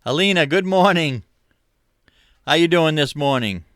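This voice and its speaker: A middle-aged man with a Maine accent hosts a laid-back chat with his viewers, rambling along with plenty of fillers. His voice is bright and clear. The sound is dry and close. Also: fairly high pitch, animated, a little slow, dry recording. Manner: easygoing, rambling, many uh fillers, chuckles. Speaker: livestream host. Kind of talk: casual chat reading viewer comments.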